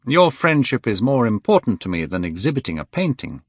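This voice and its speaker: A man reading aloud, voicing a gentle, devoted male painter who speaks in a raised, earnest, coaxing tone. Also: medium pitch, very animated, fairly quick, no echo. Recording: dull, dry lo-fi recording.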